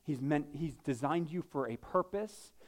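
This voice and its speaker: High-voiced joking pastor. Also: male voice, a little slow. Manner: casual and joking, with frequent restarts. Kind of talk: sermon.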